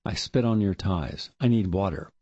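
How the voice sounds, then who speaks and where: A man's voice: deep voice, expressive, normal speed, a little mellow, husky, no echo, dull audio, heavily acted. A man voicing a desperate, furious male fugitive in the desert, ranting and contemptuous.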